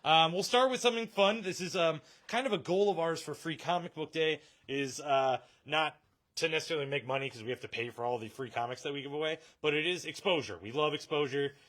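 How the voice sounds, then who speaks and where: A man's voice: a little high, a little fast, a bit bright. A man hosting a casual live stream from a comic shop, joking and laughing often.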